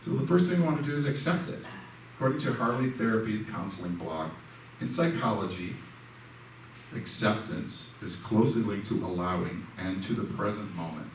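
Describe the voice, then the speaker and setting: A man's voice: lowish voice, expressive, moderate pace. Man giving a church lesson in an echoey hall. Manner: conversational, self-deprecating, acts out quoted dialogue. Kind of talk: casual spoken church lesson. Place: church sanctuary. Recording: echoey hall, mic far off, faint noise.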